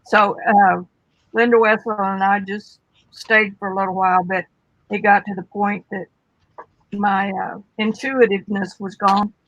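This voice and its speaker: Woman, livestream guest, casual chat, relaxed, dry sound. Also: medium pitch, unhurried, no echo, muffled recording. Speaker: guest artist.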